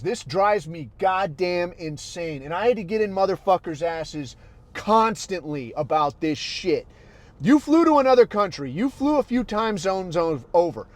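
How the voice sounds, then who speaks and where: A man with a fairly high voice hosts a podcast and rants in a foul-mouthed, blunt way, dropping to low mutters and then bursting out loud. The sound is dry and close, with no room around it. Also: no room sound. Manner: crude, heated and blunt, swinging from low muttering to loud outbursts. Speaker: podcast host. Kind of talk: profane ranting monologue.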